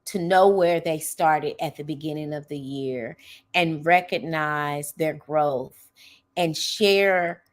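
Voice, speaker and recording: A woman's voice: low-pitched, slow pace. A middle-aged woman who teaches, hosting a podcast in a casual monologue. She speaks earnestly and with emphasis, checking in with the listener with a frequent "okay?".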